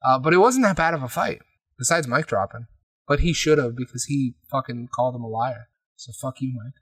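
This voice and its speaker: Animated, swearing man recapping a game. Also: mid-range voice, fairly quick, husky, dry recording. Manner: animated, swears often, acts out quotes. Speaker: podcast co-host recapping a tabletop game. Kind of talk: casual chat.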